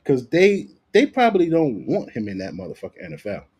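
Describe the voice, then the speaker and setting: A man ranting casually about football, profane and animated, often repeating himself. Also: mid-range voice, a little fast, slight background noise. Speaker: sports commentator vlogger.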